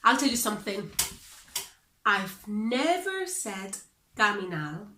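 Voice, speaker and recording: A Spanish teacher from the Dominican Republic, speaking English with a Dominican Spanish accent, explaining things deliberately and correcting common claims. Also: female voice, mid-range voice, sing-song, bright, forceful tone, a little hiss or hum. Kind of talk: explanatory lesson to camera. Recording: echoey room, mic at a distance.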